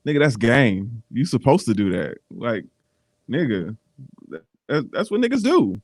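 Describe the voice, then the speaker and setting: A man co-hosting a casual podcast chat, animated and slangy, acting out quotes. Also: mid-range voice, unhurried, no room sound, clean studio sound. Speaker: co-host.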